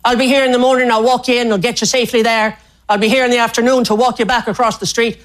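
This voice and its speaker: A woman comedian putting on a bossy, scolding crossing guard, live on stage with a loud crowd. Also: a little high, level tone, fast talker, natural voice. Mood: brisk. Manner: bossy, scolding, sharp-tongued. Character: brisk older Irish lollipop lady, bossy.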